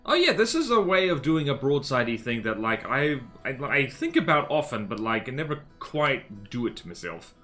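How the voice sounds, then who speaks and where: A man's voice: medium pitch, very animated, normal speed, hardly any pauses, a bit bright. A man from the American South talks through a game on a live stream in a loose, rambling way. He keeps restarting his sentences and filling the gaps with "like" and "uh". Faint music plays underneath. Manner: rambling, many fillers and self-corrections. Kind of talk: casual live-stream gameplay commentary.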